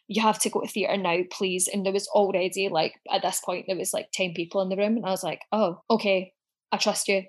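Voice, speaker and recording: A woman recounting a personal story with blunt, unfiltered honesty, swearing freely. She slips into the voices of the people in her story as she quotes them. Her pitch sits in the middle range for a woman. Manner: frank, sweary, acts out quoted dialogue.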